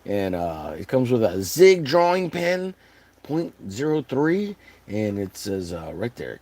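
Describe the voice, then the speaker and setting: A man's voice: mid-range voice, very animated, takes it slowly, darkish tone, no room sound. A man casually chatting to his live-stream viewers while painting, muttering to himself and cracking silly jokes. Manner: jokey, mumbling to himself, bursts of silly sing-song. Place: home studio with a video playing in the background.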